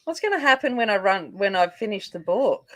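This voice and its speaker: An Australian woman chats loosely through a coloring live stream. She rambles between comments from viewers, mid-pitched and easygoing. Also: very animated, brisk, fairly bright tone. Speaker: coloring channel host. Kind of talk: casual live-stream chat while coloring.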